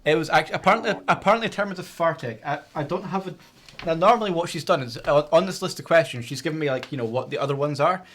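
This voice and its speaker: A man's voice: on the high side, fast talker, fairly bright tone. A man hosting a quiz game on a livestream, teasing and jokey, stumbling over his words as he talks. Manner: teasing and jokey, with many stammered restarts. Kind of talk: playful casual quiz hosting.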